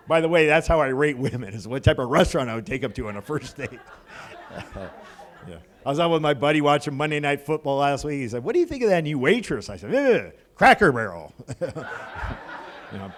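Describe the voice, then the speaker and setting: A middle-aged man doing a crude stand-up comedy set in a comedy club, with punchy punchlines and banter with the crowd. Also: a little high.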